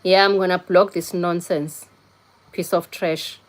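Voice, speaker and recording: Slow-talking woman live-streaming to her chat. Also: mid-range voice. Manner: blunt, scolding and chatty, talking to chat. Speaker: livestream host.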